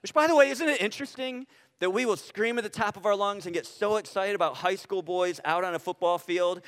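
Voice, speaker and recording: A man preaching a sermon as pastor, animated and full of rhetorical questions, often restarting his sentences. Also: high-pitched, brisk, clear, resonant tone. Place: church sanctuary. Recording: reverberant church hall.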